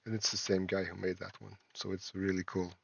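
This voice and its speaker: A man, an indie game developer and a father, talks through his game in a casual devlog, halting and full of fillers and restarts. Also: low-pitched, level tone, gravelly, breathy edge, dry recording, muffled recording. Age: adult, a parent. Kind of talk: casual screen-recorded devlog.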